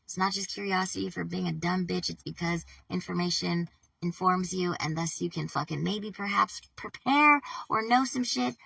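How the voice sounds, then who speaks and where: A woman vlogger talking casually to camera, swearing heavily in an animated, worked-up way. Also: lowish voice, moderate pace, vocal fry, husky, no room sound, recorded from a distance, low-quality recording. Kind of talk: casual vlog monologue.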